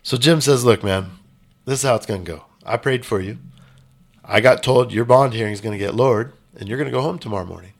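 A man's voice: mid-range voice, quick pace. A man telling a personal story in a casual interview, blunt and emphatic with some swearing. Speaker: podcast guest.

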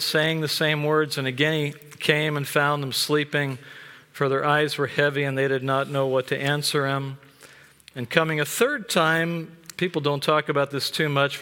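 Bright-toned older male preacher. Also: on the high side, in a large hall. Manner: reflective, explanatory, with frequent restarts. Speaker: pastor. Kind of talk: sermon with scripture reading.

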